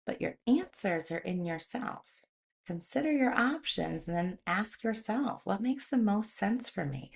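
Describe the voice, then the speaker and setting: Gravelly-voiced woman giving a motivational talk. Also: medium pitch, measured pace. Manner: conversational, animated storytelling. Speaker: host.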